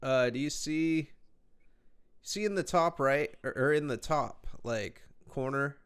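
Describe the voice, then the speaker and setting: A man's voice: medium pitch, takes it slowly, fairly bright tone, clear, resonant tone. A man hosting a podcast in a loose, casual chat, cursing freely as he reacts. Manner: loose, profane and laid-back, swears constantly. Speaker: podcast host.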